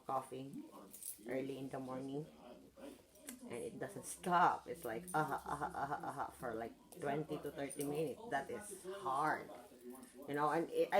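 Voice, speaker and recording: Woman ranting, profane and rambling. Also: deep voice. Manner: rambling, profane, repeats herself; swings from quiet to heated. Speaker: vlogger. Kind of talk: casual monologue rant.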